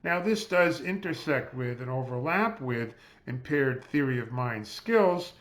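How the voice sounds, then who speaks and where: A man, a physician, giving a measured, explanatory lecture over slides while seated at a close mic. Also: mid-range voice, lively intonation, a bit bright. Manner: measured, explanatory, spells out terms.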